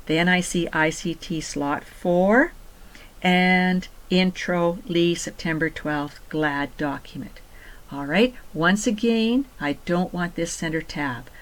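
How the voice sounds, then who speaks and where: A woman teacher giving patient step-by-step instructions in a screen-recorded software tutorial, repeating key points. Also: lowish voice, slow, poor audio. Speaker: computer teacher.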